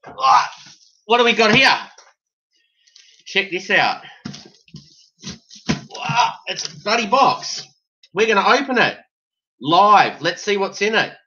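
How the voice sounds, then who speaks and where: A man's voice: sits high, expressive, slow, pauses often, sharp tone, slightly rough. A man with an Australian accent hosting a casual band vlog, jokey and exaggerated, full of slang. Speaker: band member vlogger. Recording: dull lo-fi sound.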